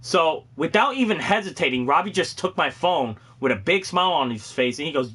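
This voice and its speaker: Excitable rambling man, bright voice. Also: on the high side, a little fast, hardly any pauses, husky. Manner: rambling and excitable, often laughing. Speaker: host of a gaming and cosplay channel. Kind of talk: casual livestream chat.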